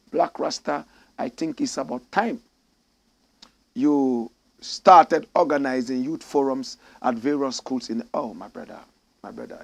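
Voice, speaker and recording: A Ghanaian man hosting a live-streamed talk show, reading out viewer messages in a slightly croaky voice and breaking into loud exclamations. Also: a little high. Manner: animated, bursts into loud exclamations. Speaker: show host. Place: studio in Accra.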